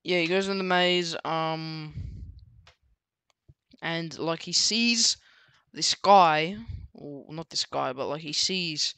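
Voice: mid-range voice, slow, pushed and bright, smooth, no room sound. A book reviewer casually recapping a story, rambling with many fillers and restarts.

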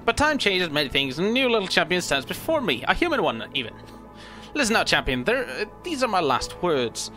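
Ancient spirit guardian, grave and measured, voiced by a man reading game text, bright tense tone over faint music. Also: high-pitched, very animated, exaggerated voice. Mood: solemn.

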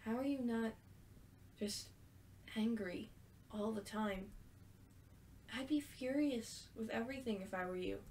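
A woman's voice: on the high side, a little slow, long pauses, darkish tone, slight background noise, close to an everyday voice. A woman reading aloud the lines of a blunt, clumsy but caring young woman from a story game, in an earnest voice.

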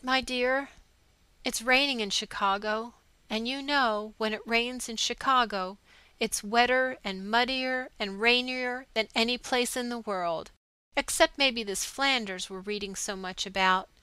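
A woman's voice: a little high, sharp tone, clear, resonant tone, no room sound, rough recording. A woman reading aloud a young sweetheart's earnest, tender letter to her wounded soldier.

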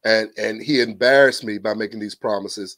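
A male podcast guest tells a personal story in a casual, earnest manner, often repeating words as he begins a thought. His voice is fairly low and fairly bright, with a steady tone at a normal pace, in the style of casual testimony.

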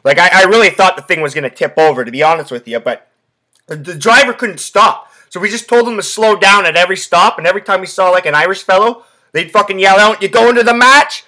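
A man's voice: high voice, fast, pushed and bright. A young man hosting a sports podcast, telling a rambling story packed with swearing and fillers. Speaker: podcast host. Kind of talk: casual sports podcast chat.

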